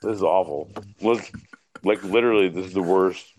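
A man's voice: deep voice, normal speed, darkish tone, slight background noise. A man co-hosting a live podcast, rambling, joking and swearing in loose casual banter. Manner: rowdy, profane, rambling, joking. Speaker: podcast co-host.

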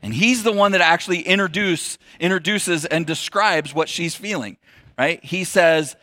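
A man's voice: fairly high pitch, normal speed, sharp tone, no echo, studio quality. A middle-aged man giving a sermon in a conversational, joking way and putting questions to the audience. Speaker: pastor.

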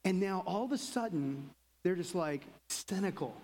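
A middle-aged man preaching a sermon in a lively, conversational way, full of asides and little laughs. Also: sits high, moderate pace. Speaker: pastor. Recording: long reverb of a large hall.

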